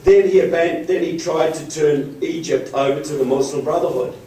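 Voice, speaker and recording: A man's voice: a little high, normal speed, mellow. Guest speaker: New Zealand-accented man with a cold, joking and rallying, in an echoey room picked up from across it. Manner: joking, rallying, often says "folks". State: has a cold. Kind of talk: political speech to a meeting. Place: county board meeting room. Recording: echoey room, mic from far.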